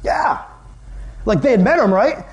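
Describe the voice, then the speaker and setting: High-voiced young man giving a youth sermon. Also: unhurried. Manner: animated storytelling, many "like" fillers. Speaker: youth pastor.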